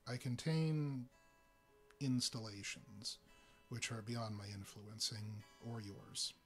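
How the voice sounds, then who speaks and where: A man voicing a weary giant alien scout who speaks formally, slowly and without feeling. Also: mid-range voice, steady tone, faint music behind. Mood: dispassionate. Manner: slow, quiet, formal and dispassionate.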